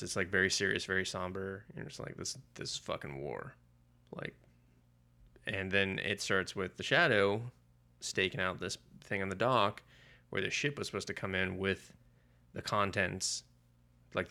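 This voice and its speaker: His voice is low-pitched and bright, forceful in tone, with fairly even intonation at a moderate pace. This podcast co-host chats casually about comics, rambling through one comic's plot with profanity and lots of filler.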